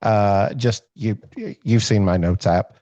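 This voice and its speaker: A man's voice: fairly low pitch, steady tone, slow pace, warm tone, no echo. Man, podcast host, casual storytelling, lots of fillers, dry, muffled call audio. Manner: rambling, self-deprecating, many fillers and restarts.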